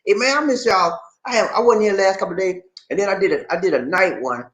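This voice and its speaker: A middle-aged man hosting a casual YouTube live stream, telling stories in an animated, outspoken way. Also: high-pitched, quick pace, roomy sound. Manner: animated, laughing, outspoken storyteller. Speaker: YouTube show host.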